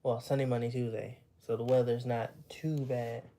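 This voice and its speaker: A man's voice: medium pitch, little pitch movement, moderate pace, mellow. A winded man, chatting on a livestream. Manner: tired, rambling, chatty with viewers. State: out of breath after running. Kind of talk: casual livestream chat.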